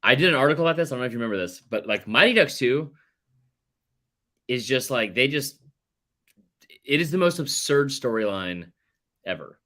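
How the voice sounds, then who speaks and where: A male podcast host in loose sports chat with a bright, forceful tone. He rants with big swings in pitch and swears freely. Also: fairly quick, pauses often. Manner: animated, ranting, swears freely.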